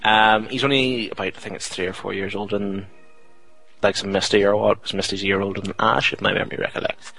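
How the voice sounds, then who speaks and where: A young man hosting a casual podcast chat, talking in a chatty, joking, rambling way with plenty of fillers. His voice sits a bit low. Faint music plays softly behind him. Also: little pitch movement, quick pace, creaky, slightly rough, dry recording, rough recording. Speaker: podcast host.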